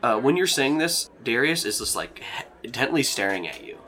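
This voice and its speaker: A man's voice: medium pitch, very animated, normal speed, sharp tone. A young man running a tabletop game, narrating in a rambling, filler-heavy way and chuckling as he goes, with music playing behind. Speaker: game master.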